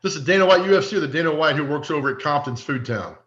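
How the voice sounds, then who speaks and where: A man guesting on a podcast, telling funny stories in a jokey, animated way. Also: fairly high pitch, very fast, echoey room, muffled recording. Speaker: podcast guest, media personality.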